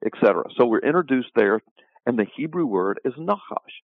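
Brisk and animated, a man with a gravelly mid-range voice gives a sermon-like interview answer about the Bible. He hammers points home through repetition and extended lists. The recording is dry and has a phone-line quality.

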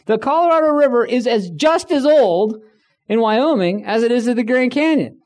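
In a very high-pitched, expressive voice with a darkish tone, a middle-aged man talks to a room at a normal speed. His conversational storytelling includes acting out the voices of people he quotes, and he says he's tired.

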